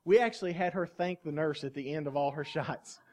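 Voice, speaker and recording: A pastor in his thirties delivers an animated sermon to his flock. His voice sits high for a man, and he keeps checking in with the room through quick call-and-response asides.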